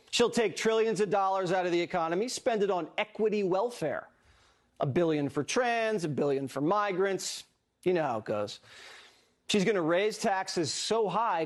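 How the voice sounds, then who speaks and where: A man with a notably high voice narrating a scripted attack ad. He lands each line in a short, sarcastic, punchy way. His delivery is polished and built to mock. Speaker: political ad narrator.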